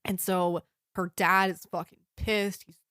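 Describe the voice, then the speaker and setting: A woman's voice: fairly low pitch, little pitch movement, a little slow, fairly bright tone, clean tone, no room sound, studio quality. A woman co-hosting a podcast, recapping a movie in a rambling, casual way and swearing freely. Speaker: podcast co-host.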